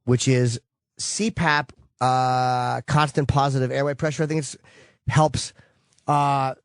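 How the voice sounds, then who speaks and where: A man's voice: mid-range voice, little pitch movement, slow, clear, resonant tone, no echo, clean studio sound. A tired, cranky man hosting a call-in show, talking bluntly and cursing a lot as he rants, with a New York accent. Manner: blunt, profane, ranting. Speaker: host.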